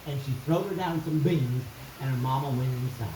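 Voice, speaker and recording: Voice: medium pitch, fairly quick, warm tone, reverberant, a little hiss or hum, rough recording. A storyteller telling a folk tale in a live skit, in a folksy, sing-song way with chanted refrains.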